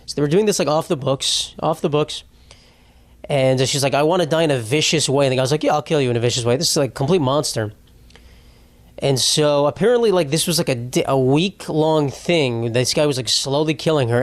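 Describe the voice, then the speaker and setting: A man hosting a comedy podcast, talking on his own in a loose, rambling way. His voice sits a little high for a man, and he breaks into laughs as he talks through grim stories. The sound is dry and close, with no room echo. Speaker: podcast host. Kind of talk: casual comedic monologue.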